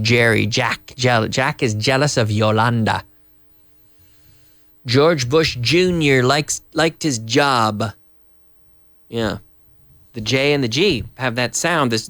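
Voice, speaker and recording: A middle-aged man teaching a live online English lesson, lively and repeating words over and over to drill pronunciation. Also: medium pitch, no room sound, clean studio sound.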